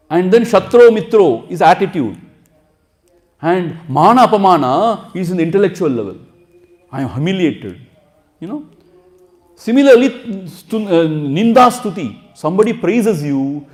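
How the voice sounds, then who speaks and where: Lecturing on scripture, a male spiritual teacher with a fairly high, somewhat dark voice explains each term word by word. He performs the quotes as he reads them.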